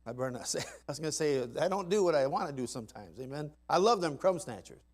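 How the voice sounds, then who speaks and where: A man preaching a sermon in a folksy, emphatic way, dropping to soft asides and rising to loud climaxes. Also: fairly high pitch, lively intonation, fast. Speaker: pastor. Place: church sanctuary.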